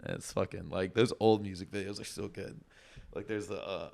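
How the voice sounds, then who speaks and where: Gravelly-voiced man rambling casually. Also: low-pitched, fairly even intonation, a little fast, a little mellow. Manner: rambling storyteller, swears a lot. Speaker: podcast co-host. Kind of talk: casual chat.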